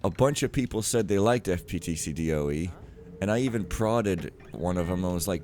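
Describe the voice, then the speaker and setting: A man with a low, darkish voice and a brisk delivery rants his way through casual gameplay commentary. He is a let's player who rambles and cuts himself short, with slight background noise.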